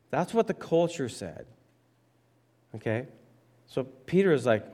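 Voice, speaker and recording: A man's voice: medium pitch, lively intonation, a little slow, long pauses, mellow. Man preaching a conversational sermon. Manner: conversational, emphatic with checking questions. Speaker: pastor. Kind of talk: sermon reading and explaining scripture.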